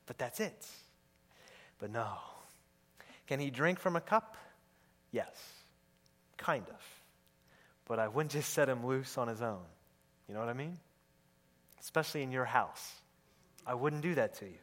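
A man preaching a sermon as pastor, swinging between hushed low asides and loud emphatic declarations, and asking his listeners questions. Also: moderate pace, pauses often. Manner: questions the congregation, acts out biblical speakers. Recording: long reverb of a large hall.

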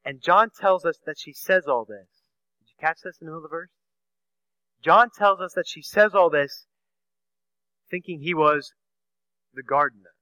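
A man preaching a sermon, asking the listeners rhetorical questions and swinging from a soft hush to loud emphasis. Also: a little high, normal speed, long pauses, smooth, no room sound, dull audio.

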